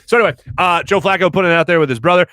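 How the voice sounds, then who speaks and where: A man in his thirties hosting a sports talk show, rambling in an animated way and correcting himself as he goes. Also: high-pitched, very fast, no echo. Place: radio studio.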